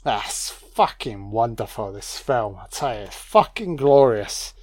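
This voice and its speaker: A drunk man rambling and swearing excitedly through a film commentary. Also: on the low side, slow, no echo. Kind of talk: audio commentary over a film.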